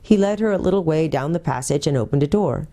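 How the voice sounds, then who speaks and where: Woman pastor, storybook read-aloud, steady and clear, mellow warm voice. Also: deep voice, fast talker. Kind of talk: reading a children's book aloud.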